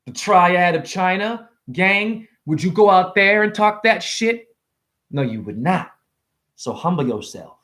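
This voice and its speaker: A man's voice: high-pitched, lively intonation, measured pace, fairly bright tone. A middle-aged man, a self-styled spiritual teacher, giving a profane, confrontational freestyle lecture. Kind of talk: freestyle preachy rant. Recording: echoey room.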